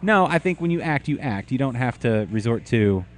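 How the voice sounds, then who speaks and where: A man co-hosting a beer show, telling a rambling story in casual chat, with many halting restarts. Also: mid-range voice, animated, a little hiss or hum. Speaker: podcast co-host.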